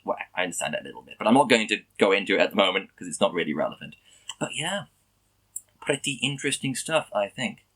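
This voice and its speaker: Casual male vlogger, lowish voice, thinks out loud, self-questioning. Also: rough recording. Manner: musing, thinks aloud with many ums and rhetorical questions. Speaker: language learning vlogger. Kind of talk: casual explanatory monologue.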